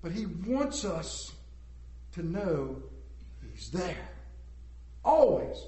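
A man's voice: high-pitched, sing-song, extremely slow. Folksy male preacher in an echoing hall. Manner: joking storyteller, swings between loud and hushed. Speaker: preacher speaking to a congregation. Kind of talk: folksy sermon. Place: large hall with an audience.

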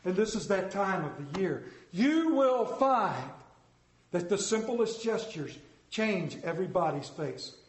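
A man preaching a storytelling sermon, animated and playful, acting out voices in his anecdotes. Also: sits high, unhurried. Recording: echoey room.

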